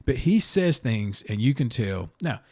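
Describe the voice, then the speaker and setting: A man's voice: medium pitch, unhurried. A man hosting a casual podcast, rambling from topic to topic, often restarting and repeating words, blunt in his opinions. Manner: blunt and animated. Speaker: podcast host.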